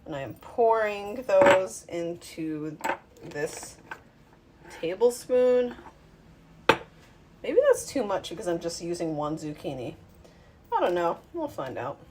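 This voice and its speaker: Slow, rambling woman cooking at home. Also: lowish voice, very animated, heavy background noise. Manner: rambling, self-mocking, thinks aloud. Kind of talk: casual talk while cooking. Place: home kitchen. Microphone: phone.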